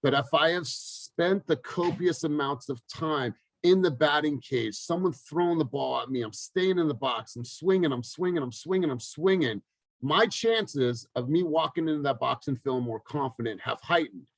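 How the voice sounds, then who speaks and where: A man coaching his team in a motivational talk, energetic and emphatic, repeating phrases for effect. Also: a little high, moderate pace, gravelly, hardly any pauses, dry recording, poor audio. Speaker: real estate team coach.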